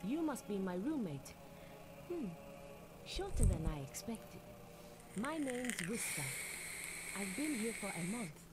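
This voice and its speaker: A woman's voice: a little high, very animated, a little slow, long pauses, heavy background noise. An actress playing a cocky young female trainee who teases her new roommate in a video game. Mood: teasing. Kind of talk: video game cutscene dialogue.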